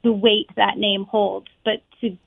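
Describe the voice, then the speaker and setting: A woman's voice: medium pitch, level tone, measured pace, vocal fry, no room sound. A woman who is a stage actress, talking earnestly and chattily with lots of fillers as an interview guest, over a tinny phone-like line. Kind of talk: casual interview chat.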